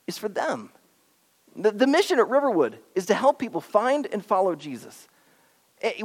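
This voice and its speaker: Male pastor, sermon, earnest and animated, lively pitch swings, long hall reverb. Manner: animated, earnest, pleading preaching with swings between loud and hushed. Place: church auditorium.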